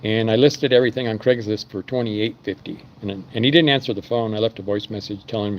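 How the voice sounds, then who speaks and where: A man's voice: fairly low pitch, fairly even intonation, quick pace, hardly any pauses, lo-fi sound, a little hiss or hum. A man who runs an engine machine shop, rambling through stories in a casual live stream. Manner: rambling storytelling with fillers.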